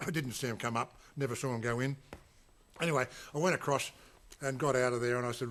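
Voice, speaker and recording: A man's voice: medium pitch, fairly even intonation, fast talker. A man recalling a film shoot in a casual, rambling way, full of fillers and restarts. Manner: acts out quotes with sudden loud shouts. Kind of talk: casual anecdotal reminiscence.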